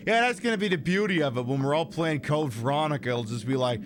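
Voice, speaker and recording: A male game streamer with a mid-pitched voice talks through his playthrough. He jokes, swears freely and works himself up into excited shouts. The recording has a faint noise underneath. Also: fairly quick. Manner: excitable, profane, jokey. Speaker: gameplay streamer. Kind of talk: let's-play commentary.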